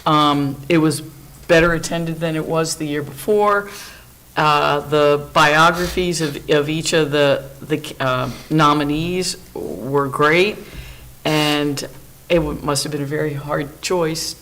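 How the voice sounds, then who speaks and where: A woman on a school board gives casual remarks in a slow, unhurried way. She pauses on fillers as she goes. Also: low-pitched, steady tone, fairly bright tone, rough recording. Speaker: board member. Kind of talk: meeting remarks.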